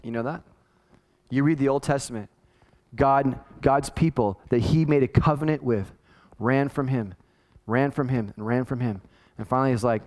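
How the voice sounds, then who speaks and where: A man's voice: mid-range voice, normal speed, pauses often. A middle-aged man, a pastor, preaching a sermon in a casual, conversational way and acting out the people he quotes. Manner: conversational, animated, acts out quoted voices.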